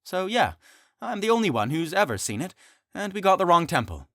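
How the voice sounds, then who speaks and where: A man voicing an earnest young male knight who rambles in a quick, upbeat way. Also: sits high, very animated, pushed and bright, dry recording, clean studio sound, voice pushed up, full character voice. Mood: excited. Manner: rambling, upbeat, a bit sheepish.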